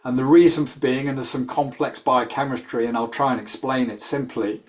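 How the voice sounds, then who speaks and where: Fast-talking man explaining science. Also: medium pitch. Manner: animated, rapid speech with many fillers. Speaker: sports medicine clinician. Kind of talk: explanatory talk.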